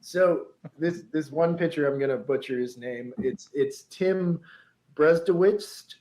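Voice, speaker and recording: A man's voice: on the high side, unhurried, warm tone, poor audio. Chatty man telling a story. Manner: chatty, laughs often, reads quotes aloud. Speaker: podcast co-host telling a story. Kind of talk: casual podcast storytelling.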